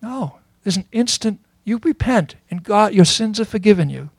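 A man giving a sermon as a Bible teacher, earnest and explanatory, pausing often with fillers. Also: high voice, animated, no room sound.

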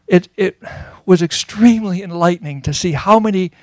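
A man giving a sermon as a Bible teacher, earnest and explanatory, pausing often with fillers. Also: high-pitched, a little mellow, no room sound.

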